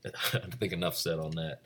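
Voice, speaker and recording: A deep-voiced man in his forties talks through his own race in a loose, meandering solo recap. He wanders from point to point, stopping often to hesitate and restart his sentences. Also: level tone, fairly bright tone, slight background noise. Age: 40s. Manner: rambling, unhurried, with many "uh" pauses and restarts.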